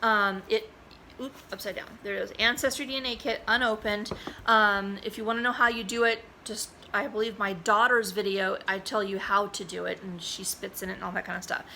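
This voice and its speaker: A woman's voice: mid-range voice, steady tone, a little fast, gravelly, sharp tone, slight background noise, rough recording. A middle-aged woman vlogger talking casually to the camera, rambling with many fillers and restarts.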